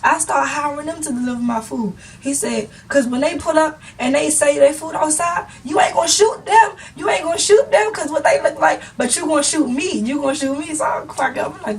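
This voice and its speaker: A young woman YouTuber telling a storytime vlog, retelling a conversation in an animated way and often breaking into laughter. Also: sits high, far from the mic, slight background noise, low-quality recording.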